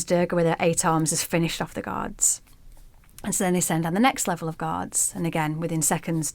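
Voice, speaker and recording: A woman guest in an interview, telling a myth as a vivid, expressive storyteller. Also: on the low side, dry recording.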